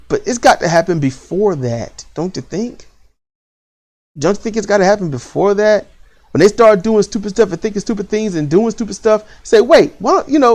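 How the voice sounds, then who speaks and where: A vlogger ranting bluntly about parenting and school in a casual, repetitive way, with lively rises in pitch. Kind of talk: opinion rant to camera.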